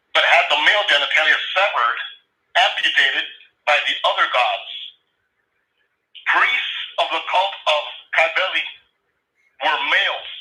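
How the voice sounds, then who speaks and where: A man calling in to a talk show, lecturing deliberately and spelling out words letter by letter. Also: fairly high pitch, pushed and bright, roomy sound, low-quality recording. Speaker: caller. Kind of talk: lecturing monologue on a phone-in show.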